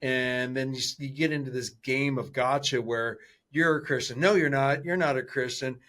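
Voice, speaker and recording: A man's voice: mid-range voice, steady tone, moderate pace, a bit bright. A man co-hosting a podcast interview, talking casually and animatedly, acting out his own reactions in quotes. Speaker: podcast co-host.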